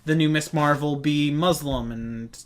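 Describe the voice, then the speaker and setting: A man's voice: fairly high pitch, unhurried. A man co-hosting a casual nerd podcast, rambling through comic-book talk with lots of fillers. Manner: rambling, filler-heavy, acts out quotes. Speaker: podcast co-host.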